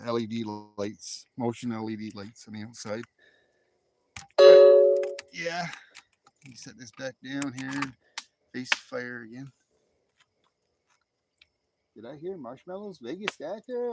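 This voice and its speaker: A man's voice: medium pitch, background noise. A middle-aged man from the United States chats with viewers on a phone live stream beside an outdoor fire pit. He talks in an easygoing, rambling way, full of restarts and fillers. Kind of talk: casual chat reading viewer comments.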